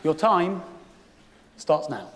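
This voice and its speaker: A British man in his thirties doing live stand-up. He tells a story loudly and with lots of swearing, then drops to a quiet, confessional tone. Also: a little high, sing-song, extremely slow. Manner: loud, ranting and sweary, swinging to quiet confessional. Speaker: stand-up comedian. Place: theatre stage before a live audience. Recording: reverberant hall with audience noise.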